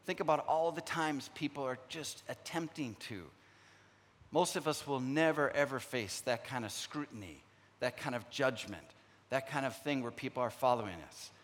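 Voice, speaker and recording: A middle-aged man preaching a sermon, telling personal stories in an earnest way and pausing to restart his sentences. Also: medium pitch, fairly bright tone. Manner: storytelling, acts out remembered dialogue; earnest, frequent pauses and restarts. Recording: long hall reverb.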